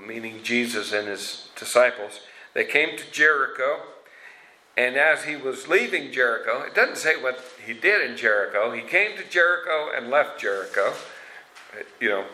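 A man's voice: medium pitch, bright, forceful tone, poor audio. A man preaching a sermon, retelling scripture stories in an earnest way with casual asides. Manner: slow, earnest storytelling with asides.

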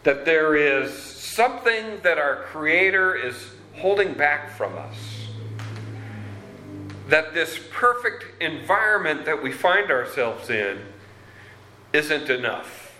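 A man preaching a sermon as pastor, slow and deliberate, reading scripture with dramatic emphasis. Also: on the high side, sing-song, sharp tone, slight background noise. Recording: roomy echo.

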